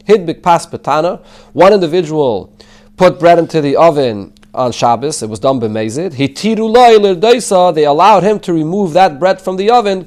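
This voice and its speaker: Male rabbi teaching a Talmud class, slightly raised pitch, translates and explains line by line. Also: darkish tone. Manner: explains in English mixed with Hebrew and Yiddish terms; translates the Aramaic text line by line.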